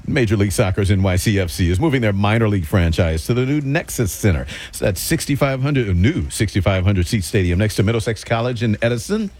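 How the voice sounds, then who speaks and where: A man hosting radio, reading the news in a relaxed, lightly joking way. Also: fairly low pitch, fast talker, hardly any pauses. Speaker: radio host and newsreader.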